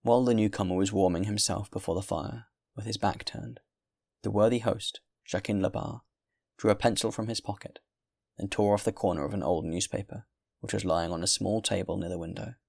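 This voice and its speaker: A man reading a classic novel aloud in a steady, measured narration. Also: on the low side, vocal fry. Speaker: audiobook reader.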